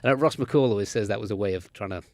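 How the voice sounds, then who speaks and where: An English actor chatting as a guest, telling animated anecdotes about his work. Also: on the low side, quick pace, no echo. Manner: storytelling, animated anecdotes with laughs. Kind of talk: casual chat.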